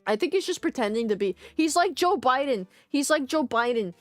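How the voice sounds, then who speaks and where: A woman's voice: sits high, animated, fairly quick, no room sound. A woman streamer playing a game, with playful, whiny commentary. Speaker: vtuber streamer. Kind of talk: casual let's-play commentary.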